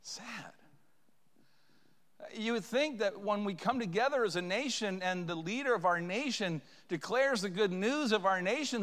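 A man's voice: high-pitched, animated, normal speed, a bit bright, long reverb tail. A man preaching an impassioned sermon as pastor, building to fervent cries. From Canada. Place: church sanctuary.

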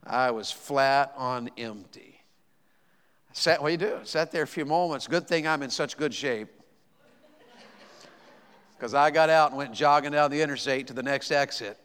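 A male evangelist telling a folksy, animated story in a sermon, rising to excited exclamations. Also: mid-range voice, smooth. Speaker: evangelist preacher. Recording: long hall reverb.

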